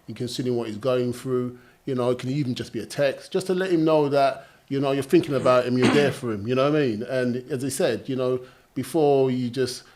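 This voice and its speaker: A man, a guest in a casual panel discussion, talking in a measured, earnest way full of "you know". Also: medium pitch, a little mellow. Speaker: guest on a talk show.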